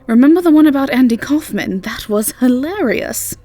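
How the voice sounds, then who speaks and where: An actress playing an eager, chatty innkeeper in an audio role-play drama. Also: female voice, sits high, animated, normal speed, mellow, no echo.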